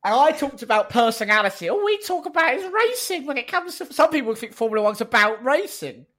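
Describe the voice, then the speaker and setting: A man's voice: very high voice, sing-song, a little fast, a bit bright. A man co-hosting a podcast, chatting casually with playful, silly jokes. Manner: playful, jokey, silly asides. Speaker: podcast co-host. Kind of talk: casual chat.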